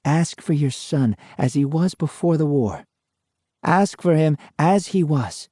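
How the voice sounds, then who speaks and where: A man's voice: a little high, expressive, unhurried, dark tone, no room sound, clean studio sound. A man voicing a stern male paranormal interviewer who firmly presses a ghost with commands. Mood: pressing. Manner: firm, commanding, then soothing.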